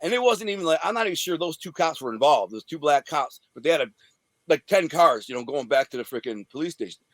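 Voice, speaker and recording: Brief: streetwise man, slightly high voice, dry close sound, profane storyteller. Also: animated, fast, no room sound. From Detroit area, USA. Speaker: interview guest. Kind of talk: storytelling about his past.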